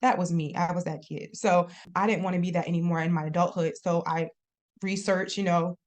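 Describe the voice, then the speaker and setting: A young adult woman talks as a guest on a podcast in a relaxed, conversational way. Her voice sits a little low, and she is expressive and laughs easily. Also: fairly quick. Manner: chatty and expressive, laughs often. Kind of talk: casual interview chat.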